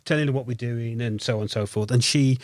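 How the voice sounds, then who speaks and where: Brummie man, podcast guest, animated storytelling, dry studio sound. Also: medium pitch, fast, no room sound. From Birmingham, England. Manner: animated storyteller, acting out others' lines. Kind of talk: casual anecdote telling.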